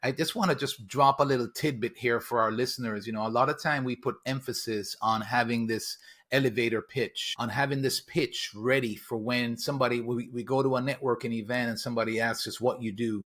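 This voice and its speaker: A man's voice: medium pitch, fairly even intonation, a little fast, a bit bright. A man co-hosting a podcast, giving earnest advice directly to listeners. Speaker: podcast co-host. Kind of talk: casual podcast conversation.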